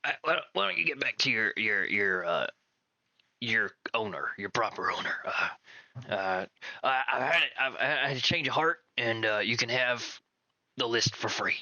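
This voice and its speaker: A man's voice: medium pitch, expressive, normal speed, bright, forceful tone, no echo, highs cut off, voice pushed up. A man voicing a shady male junk merchant who talks in a slick, half-whispered way. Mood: dismissive.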